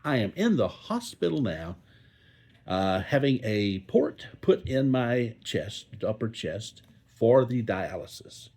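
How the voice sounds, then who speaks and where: Older male vlogger, low husky voice, animated, folksy rambling from a hospital bed. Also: slow pace. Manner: rambling, folksy, joking asides. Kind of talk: casual talk to camera. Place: hospital room.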